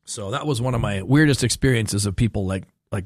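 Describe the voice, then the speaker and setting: A man hosting a casual radio talk segment, chatty and animated, telling stories and acting out quoted people. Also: mid-range voice, moderate pace, no room sound, studio quality. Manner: chatty, animated storytelling with playful quoted voices. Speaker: radio host.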